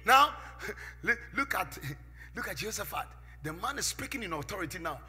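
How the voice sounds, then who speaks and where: A man preaching a sermon from the pulpit, with call-and-response, swinging from loud shouts to near-whispers. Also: sits high, big pitch swings, fairly quick. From Ghana. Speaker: pastor. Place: church sanctuary. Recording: echoey church hall with music behind.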